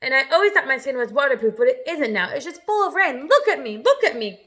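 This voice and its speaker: A woman's voice: high-pitched, big pitch swings, fast talker, a bit bright, pitched above the performer's own voice. A woman voicing a gloomy, pessimistic earthworm in a storybook reading, complaining and mournful.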